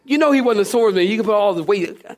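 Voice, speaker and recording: High-voiced, animated male preacher. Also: fast talker, some chatter behind. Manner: lively, acts out scenes, playful humor. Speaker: pastor. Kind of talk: sermon.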